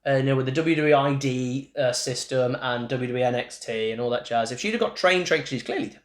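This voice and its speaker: A man's voice: mid-range voice, fast. A man co-hosting a casual wrestling chat, opinionated and leading each segment as he asks his co-host for scores. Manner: animated, opinionated, leads the segments. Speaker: podcast co-host. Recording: echoey room.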